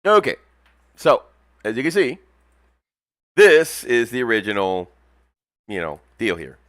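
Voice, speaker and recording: A man's voice: medium pitch, measured pace, no room sound, clean studio sound. A man hosting a casual hobby livestream, telling stories in a loose, slangy way, often laughing and acting out the people he quotes. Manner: animated storyteller, acts out quoted voices. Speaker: hobby stream host.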